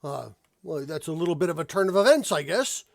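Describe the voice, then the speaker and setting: Man playing a gnome clan leader, gravelly. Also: on the high side, expressive, no room sound, clean studio sound. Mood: wary. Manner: hesitant, halting speech. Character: gruff male deep gnome clan leader.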